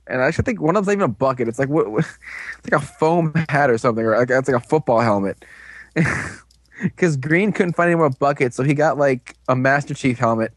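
A man in casual chat, animatedly recapping a show and tossing in quick voiced quotes between laughs. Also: medium pitch, no echo.

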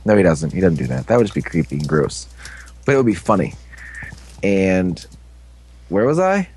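A man's voice: low voice, sing-song, normal speed, a little mellow, a little hiss or hum, rough recording. Young man, casual recap, rambling, jokey, keeps losing track. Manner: rambling, jokey, loses his place.

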